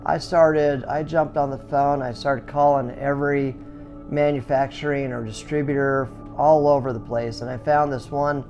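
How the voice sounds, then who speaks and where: A middle-aged man who owns a skateboard business, telling his story casually with lots of fillers and restarts, and animated sound effects. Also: mid-range voice, moderate pace, muffled recording, faint music behind. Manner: chatty, full of "you know" fillers and restarts; animated, acts out sounds and reactions.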